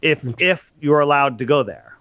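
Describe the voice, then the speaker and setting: A man in a casual live discussion who talks in halting phrases, often restarting. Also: a little high, expressive, sharp tone, no echo. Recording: dry, muffled lo-fi call audio.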